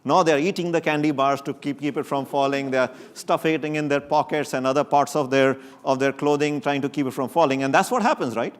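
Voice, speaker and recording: Animated male conference speaker. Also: fairly high pitch, fairly quick, few pauses. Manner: lively, joking, with sudden emphatic rises. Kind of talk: technical conference talk. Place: conference stage before an audience.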